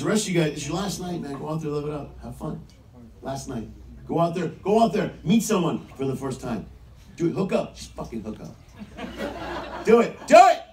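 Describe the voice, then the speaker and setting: Crude, animated stand-up comedian in a roomy lounge. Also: male voice, a little high, background noise. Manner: crude, animated, shouting punchlines. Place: cruise ship comedy lounge. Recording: roomy lounge, far from the mic, with crowd laughter. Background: audience laughter.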